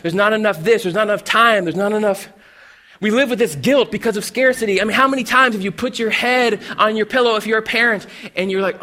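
A male pastor with a high, bright voice delivers a casual sermon in a loose, conversational style. He often stumbles and starts over, acting out small asides along the way, all in an animated manner.

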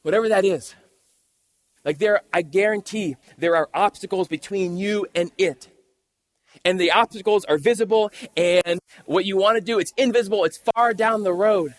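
High-voiced man preaching conversationally. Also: normal speed. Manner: conversational, explains scripture step by step. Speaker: pastor. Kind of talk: sermon.

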